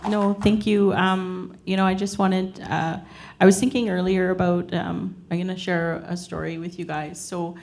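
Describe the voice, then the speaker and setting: A woman with a low, gravelly voice tells a personal story to an audience at a panel. Her pitch stays flat as she speaks earnestly, pausing often with fillers. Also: slight background noise. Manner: earnest, halting, many fillers. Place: event hall with audience.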